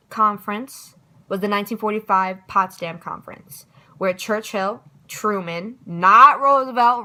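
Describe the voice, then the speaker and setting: A young woman talks through a history review in a loose, casual way. Her voice is bright and forward. She is chatty and pokes fun at herself when she trips over her words. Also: medium pitch, poor audio. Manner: chatty and self-deprecating, stumbles over words. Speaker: student giving a history review.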